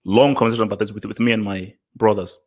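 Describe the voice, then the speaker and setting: A man's voice: fairly low pitch, steady tone, fast, a little mellow. A man hosting his own vlog, giving casual opinion commentary in an emphatic way, repeating phrases and restarting sentences. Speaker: vlog host.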